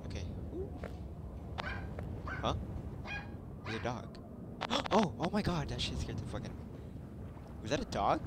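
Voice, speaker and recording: A man giving casual, jokey game commentary, swearing and laughing often, over loud background noise. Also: mid-range voice, huge pitch swings, measured pace, pauses often. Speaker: gaming video host. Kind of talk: casual let's-play commentary.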